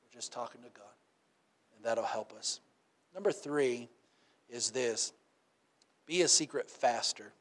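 A man's voice: mid-range voice, a little slow, long pauses, a bit bright. A man preaching a sermon in a conversational way, often asking "right?" and acting out little quotes.

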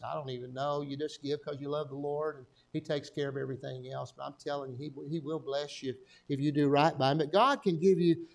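A man's voice: on the high side, creaky. An older man, a pastor preaching a folksy sermon and telling stories with jokes and asides. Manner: folksy, joking storyteller with frequent asides.

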